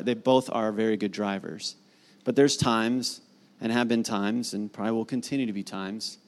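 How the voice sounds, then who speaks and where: A middle-aged man preaching a sermon as pastor, conversational and animated, building to emphatic repeated lines. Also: mid-range voice. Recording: long hall reverb.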